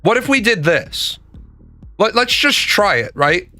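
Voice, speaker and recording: A man's voice: high-pitched, sing-song, unhurried, sharp tone, dry recording, faint music behind. A man ranting in a casual, profane way, hammering his points home through repetition. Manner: emphatic, profane, repeats points for emphasis. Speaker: commentator.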